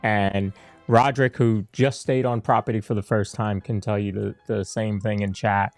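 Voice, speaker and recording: A man co-hosting a casual podcast, easygoing and quick to laugh as he walks through a list of topics. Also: lowish voice, steady tone, a little mellow, no echo, faint music behind. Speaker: podcast co-host.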